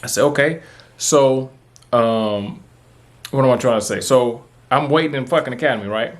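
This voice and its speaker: A Texan vlogger talks to camera through its built-in mic, his mid-range voice at a moderate pace. He's casual, rambling and profane, with lots of fillers.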